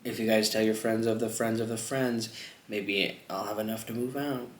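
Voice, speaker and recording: A man's voice: on the low side, steady tone, normal speed, background noise. A young man chatting casually while eating on camera, rambling and jumping between topics with lots of filler words. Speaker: mukbang vlogger. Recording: echoey room.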